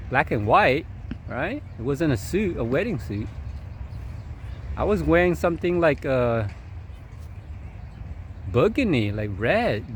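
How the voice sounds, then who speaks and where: Male vlogger, mid-pitched, rambling and chuckly, shot outdoors with faint background noise. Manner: meandering, chuckling, filler-heavy. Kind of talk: rambling personal storytelling. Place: outdoors at sunset.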